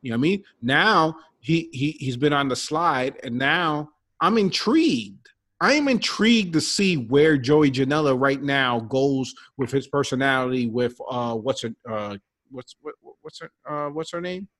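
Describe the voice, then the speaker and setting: A man's voice: medium pitch, unhurried. Rambling man in casual wrestling chat. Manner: rambling, animated, repeats himself.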